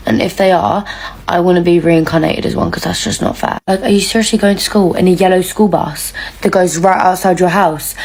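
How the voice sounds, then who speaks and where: A young woman from England with a slightly low voice complains to camera. Her rant is whiny and full of swearing, played for comedy. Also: darkish tone.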